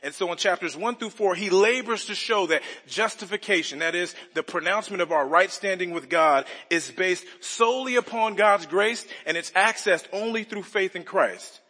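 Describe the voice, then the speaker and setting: A man's voice: sits high, normal speed, hardly any pauses, pushed and bright, husky. A man preaching a sermon as pastor, earnest and expository, asking rhetorical questions. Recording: reverberant church hall.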